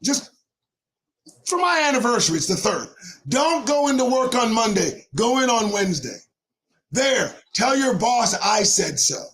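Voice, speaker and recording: A man in his forties, hosting a show, talking to viewers in a preachy, joking way that breaks into shouting, his voice going hoarse. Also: very high-pitched, big pitch swings, measured pace. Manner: preachy, jokey, bursts into shouting. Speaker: show host. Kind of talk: monologue to viewers.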